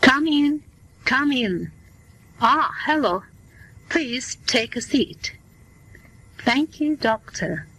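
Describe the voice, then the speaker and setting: Very slow, breathy woman reading lessons. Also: a little high, expressive, sharp tone, poor audio. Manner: reads every part of short scripted everyday dialogues in turn. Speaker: English listening lesson reader. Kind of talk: scripted dialogue reading for learners.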